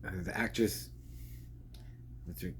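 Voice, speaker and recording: A man's voice: takes it slowly, slight background noise. A man giving a casual, rambling spoken film review, chatty and laughing often.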